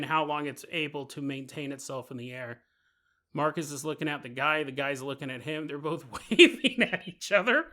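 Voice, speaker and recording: A man hosting a podcast, narrating a paranormal story in an animated way and laughing as he goes. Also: on the high side. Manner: animated, laughs while telling. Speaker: podcast host.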